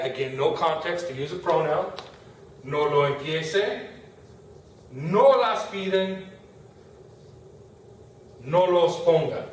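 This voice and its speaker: A man teaching a grammar lesson to his class, patiently drawing out example words slowly and repeating them. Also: a little high. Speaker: Spanish teacher. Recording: very echoey room, distant mic, faint hiss.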